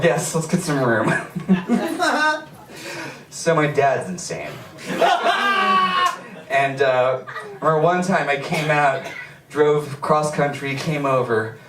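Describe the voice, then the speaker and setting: A man's voice: mid-range voice, noisy background. A young man doing a live stand-up set in a small comedy venue, laughing through pain and yelping. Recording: echoey room, far from mic, loud crowd. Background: audience laughter.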